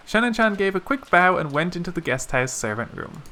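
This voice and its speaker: A man narrating a visual novel aloud in a steady storytelling manner. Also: high voice, fairly quick. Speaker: let's play narrator.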